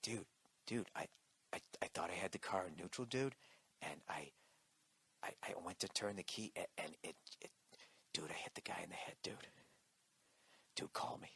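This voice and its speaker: A man's voice: low-pitched, lively intonation, moderate pace, vocal fry, long pauses, fairly bright tone, slightly rough, dry recording, voice pushed down, heavily acted. A man voicing a panicked male friend in whispered role-play, stammering a frantic voicemail.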